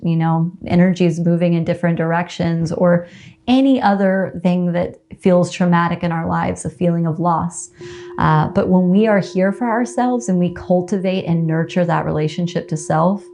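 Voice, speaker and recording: A woman leading a yoga class, speaking slowly and tenderly with drawn-out cues. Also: lowish voice, mellow, slight background noise. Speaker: yoga teacher. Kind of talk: guided yoga class with a read-aloud personal letter.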